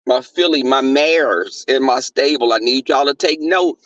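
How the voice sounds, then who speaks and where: A man's voice: mid-range voice, measured pace, fairly bright tone, no room sound. A man in his twenties hosting a casual livestream, telling a profane, gossipy story and answering chat. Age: 20s. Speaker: livestream host reading chat. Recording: dull lo-fi dry sound.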